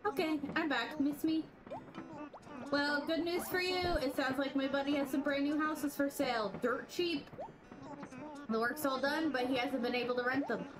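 A woman's voice: sits high, steady tone, normal speed, natural voice, rough recording. A woman reading out the lines of a chatty male cat traveler in a game, breezy and gossipy. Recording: game music playing underneath. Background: game music.

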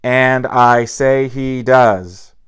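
A man reading a drunken bodyguard, roaring and slurring, bitter and loud, a smooth low audiobook voice pushed hard. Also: measured pace, lightly acted.

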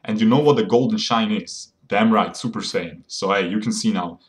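A young gaming streamer with a fairly low voice talks at a moderate pace, boasting and laughing often. His live gameplay commentary is playful and joking, and he calls his viewers "boys."

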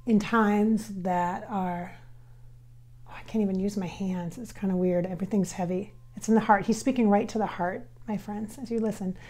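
A woman working as a spirit medium, talking her viewers through a casual channeling session in a halting, filler-heavy way. She often drops into soft, near-whispered asides. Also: medium pitch, steady tone.

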